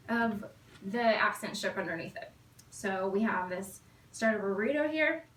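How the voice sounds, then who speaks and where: A woman's voice: on the high side, a bit bright. A woman in her thirties, hosting a sewing tutorial and cheerfully explaining each step. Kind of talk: upbeat tutorial instruction. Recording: roomy, mic at a distance.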